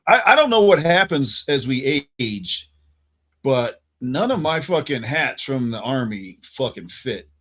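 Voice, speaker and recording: A man's voice: mid-range voice, sing-song, unhurried, fairly bright tone. A man co-hosting a livestream, crude and joking in casual chat.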